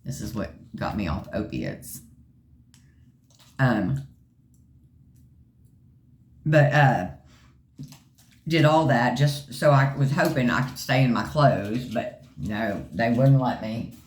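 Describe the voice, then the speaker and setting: A woman's voice: rumbling low, animated, slow pace, long pauses, a little mellow, roomy sound. A woman vlogger casually telling a funny story to her viewers in a chatty, joking way, acting out quoted lines. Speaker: vlogger sharing her health journey.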